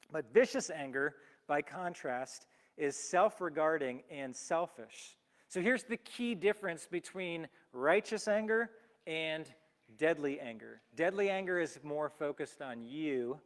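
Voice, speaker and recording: A man's voice: fairly high pitch, slow. A man, a pastor, preaching a conversational sermon in a church and telling everyday stories with emphatic delivery. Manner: storytelling with everyday examples, lively and emphatic. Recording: long hall reverb.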